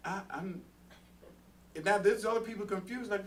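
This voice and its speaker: A man with a fairly high voice leads a Bible study in an earnest, plain-spoken way, acting out everyday arguments for his listeners. He sits some way from the microphone, and a faint hiss runs under his voice. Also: fairly quick, a bit bright. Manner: earnest, talks to the room, acts out everyday quarrels. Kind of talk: conversational Bible study sermon. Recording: distant mic with faint background noise.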